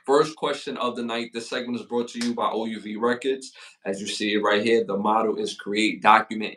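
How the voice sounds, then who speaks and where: A man with a Brooklyn accent co-hosting a hip-hop podcast, hyping up the chat with slangy shout-outs in casual talk. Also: lowish voice. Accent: Brooklyn, New York. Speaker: podcast co-host.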